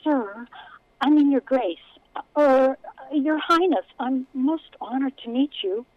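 A woman's voice: high voice, slow, no echo, muffled recording, pitched above the performer's own voice. A woman voicing a timid young female pack rat who stammers and gushes nervously. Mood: flustered. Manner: stammering, breathless, gushing.

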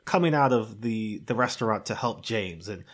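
A man's voice: lowish voice, lively intonation, moderate pace. A man playing a chipper, awkward film director. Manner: chipper, hesitant, filler-heavy. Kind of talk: comedy sketch.

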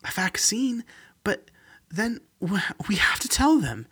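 A man voicing a confused woman patient, speaking in a high, bewildered way. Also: sing-song, slow, bright, forceful tone, breathy edge, exaggerated voice.

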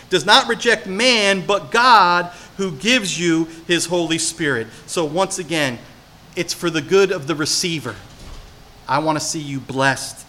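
A pastor from New Jersey preaches in a bright, forceful voice that sits a little high for a man. He tells lively stories and keeps asking his congregation questions. A faint ambience hangs behind him. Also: a little hiss or hum. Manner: animated storytelling, asks the congregation questions. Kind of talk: sermon.

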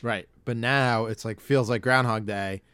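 A man's voice: mid-range voice, steady tone, unhurried, a bit bright, clean tone, dry recording. A man hosting a podcast, chatting casually in a rambling, profane way. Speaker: podcast host. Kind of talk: casual chat.

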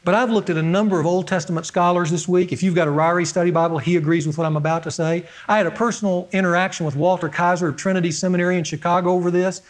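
High-voiced emphatic male preacher. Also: steady tone, rapid-fire, hardly any pauses. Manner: earnest, emphatic, stresses key words. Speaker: pastor. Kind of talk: sermon teaching from an outline.

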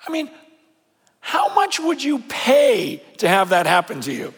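A man preaches in a casual, conversational way, then rises to a shout and drops to a hush. His voice sits high for a man. It rings with the long reverb of a large hall. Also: unhurried, husky. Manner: animated, swings from shouting to hushed low tones; conversational with fillers and laughs. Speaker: pastor. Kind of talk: sermon.

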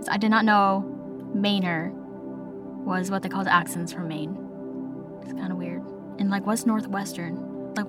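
A young adult woman with a Boston accent, chatting casually as a podcast host and filling her talk with "like". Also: medium pitch. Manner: chatty, heavy use of "like" fillers. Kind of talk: casual chat monologue.

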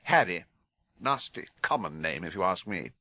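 A British man voicing a prim, sharp-tongued middle-aged housewife who answers in clipped, curt replies. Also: low voice, big pitch swings, moderate pace, no room sound, studio quality, exaggerated voice.

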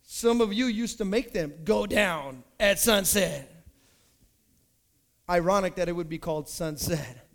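A high-voiced man preaching a sermon. He tells stories and builds up to loud, shouted preaching. Casual, conversational wording runs through his talk. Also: unhurried, gravelly. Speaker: pastor.

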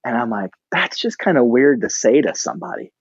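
A middle-aged man, a pastor, telling a personal story casually and animatedly, often jumping up in pitch for the voices he quotes. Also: brisk, slightly rough, no room sound, lo-fi sound. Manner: animated, breaks into high-pitched quoted reactions.

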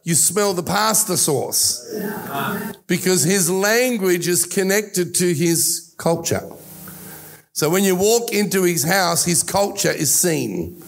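A man's voice: on the high side, gravelly. An Australian pastor in his sixties preaching a sermon, telling personal stories earnestly with a few restarts. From Italy. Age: 60s.

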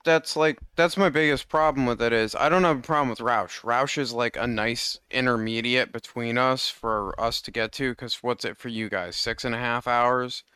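A man's voice: medium pitch, fairly even intonation, normal speed, few pauses, pushed and bright, smooth, no echo, clean studio sound. A man co-hosting a casual chat, talking hesitantly with frequent filler words. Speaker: podcast co-host.

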